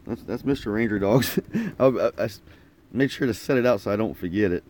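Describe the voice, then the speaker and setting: A man's voice: lowish voice, brisk, darkish tone, slight background noise. Easygoing man with Oklahoma twang. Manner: rambling, easygoing, repeats and restarts words, laughs often. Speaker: vlogger. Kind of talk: casual morning live chat. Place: inside an old camper van. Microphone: phone propped up in front of him.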